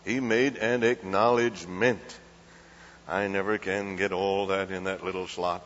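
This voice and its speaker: A man's voice: deep voice, steady tone, measured pace, fairly bright tone. A man preaching a folksy storytelling sermon, often asking the crowd questions and acting out small scenes. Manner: folksy, asks the crowd questions, acts out voices. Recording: dull lo-fi hall recording.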